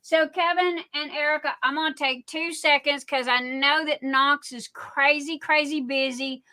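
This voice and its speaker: A middle-aged woman hosting a casual livestream, telling stories in a rambling, excitable way. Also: high-pitched, moderate pace. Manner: rambling, excitable, chatty storytelling. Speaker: livestream host.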